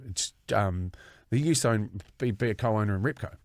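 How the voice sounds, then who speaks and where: A man in his forties from New Zealand, co-hosting a podcast and telling a story in a sweary, animated way, quoting people as he goes. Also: on the low side, normal speed, no echo, clean studio sound. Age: 40s. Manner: sweary, animated anecdote telling with acted quotes. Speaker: podcast co-host. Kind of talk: casual storytelling chat.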